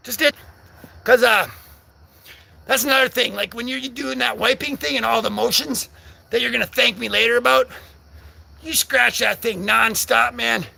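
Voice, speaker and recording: Young guy on a livestream, high gravelly voice, goofing around w viewers. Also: fairly even intonation, normal speed, long pauses. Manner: silly, rambling, breaks into loud singing. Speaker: livestream host. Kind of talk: goofy live chat with viewers, bursts of singing.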